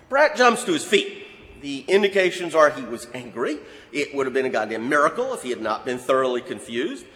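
A man giving an anecdotal history talk, an animated storyteller who acts out the quotes he tells. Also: medium pitch, fairly quick. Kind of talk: anecdotal lecture. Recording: hall with long reverb.

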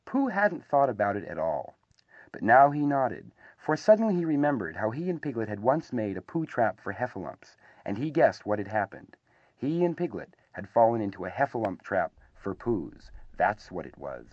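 A man reading a children's storybook aloud as narrator, in an animated, expressive way. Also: on the low side, normal speed, no echo, muffled recording.

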